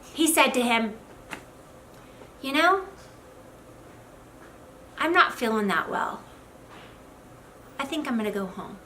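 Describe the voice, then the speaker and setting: A high-pitched middle-aged woman gives marriage advice straight to the camera. She talks with animated, expressive energy and acts out the voices she quotes. A faint hiss of room ambience sits behind her. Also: low-quality recording. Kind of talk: direct-to-camera advice talk.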